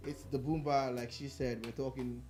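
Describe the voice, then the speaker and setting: A man's voice: medium pitch, level tone, normal speed, a little mellow, soft background music. A man co-hosting a casual radio show, teasing his partner with dry, mock-offended remarks. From Nigeria.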